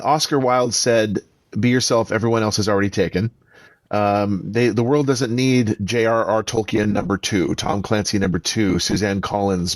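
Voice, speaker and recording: A man's voice: lowish voice, darkish tone, dry recording. A man who is an author and voice actor, telling stories emphatically as a podcast interview guest.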